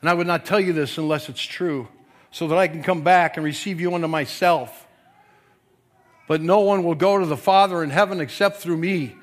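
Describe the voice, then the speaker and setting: A pastor preaching a sermon, swinging from quiet, low passages to forceful yelling. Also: male voice, normal speed.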